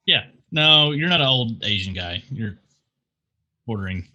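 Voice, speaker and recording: A man co-hosting a casual podcast, with a very bright, sharp tone of voice. He talks at an ordinary pitch and mixes loose recapping with dry, deadpan teasing. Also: unhurried, highs cut off. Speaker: podcast co-host. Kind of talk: casual chat.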